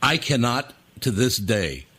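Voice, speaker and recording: A man's voice: medium pitch, very animated, unhurried, a bit bright, slightly rough. A middle-aged man from Minnesota, a radio and podcast host, chatting casually in a laid-back, chuckling way. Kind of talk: casual chat.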